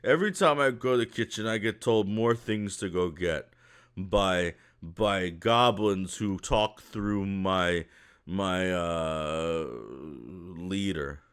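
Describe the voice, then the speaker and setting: A man's voice: low-pitched, takes it slowly, fairly bright tone, smooth. A man voicing a big, timid male ogre who frets and hesitates. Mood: fretful. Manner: hesitant, anxious, fretful.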